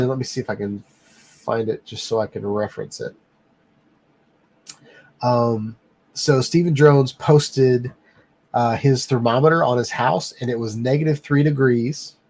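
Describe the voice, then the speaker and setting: A man chatting on a live stream in an easygoing, rambling way. His pitch sits in an ordinary middle range, and he leans on frequent "um" fillers between thoughts. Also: a little mellow. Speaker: livestream host. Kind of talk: casual live-stream chat.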